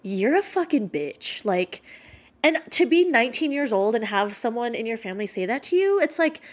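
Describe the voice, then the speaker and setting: A woman's voice: fairly high pitch, sing-song, a little fast. A woman in her late twenties in candid, casual chat, swearing freely and filling her talk with "like". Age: 20s.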